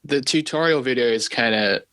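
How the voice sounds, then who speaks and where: A man guest on a podcast, talking easygoing and self-deprecating, often restarting his sentences. His voice is bright and forward, and the recording is dry and close, with no room sound. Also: mid-range voice, normal speed, clean tone, no echo. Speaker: guest animator. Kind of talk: casual podcast chat.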